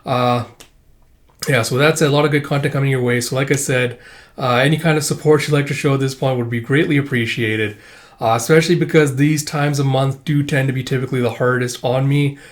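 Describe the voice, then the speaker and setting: A man's voice: medium pitch, fairly even intonation, brisk. Casual man rambling through a manga read-through. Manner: rambling with frequent "uh" and "like". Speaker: manga reading channel host.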